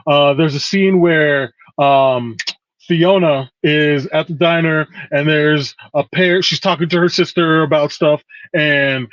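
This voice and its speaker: A man co-hosting a podcast, relaxed, recounting scenes step by step in casual chat. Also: a little high, slow pace, dry recording, dull audio. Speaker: podcast co-host.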